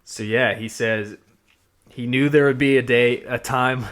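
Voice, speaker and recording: Podcast co-host, man, mild Georgia Southern accent, mid-pitched, excitable recapper who wanders off on tangents. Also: a little slow. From Georgia, USA. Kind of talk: casual chat recapping an episode. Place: studio at a podcasting table.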